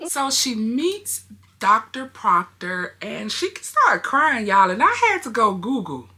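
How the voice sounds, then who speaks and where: A woman's voice: a little high, sing-song, takes it slowly, bright, forceful tone, breathy edge. A young adult woman hosting a reaction video, chatting casually to her viewers and laughing often.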